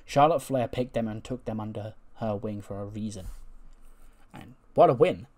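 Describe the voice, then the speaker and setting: A man's voice: on the low side, moderate pace, darkish tone. A man casually narrating a wrestling management game, rambling with plenty of fillers. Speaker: game commentator.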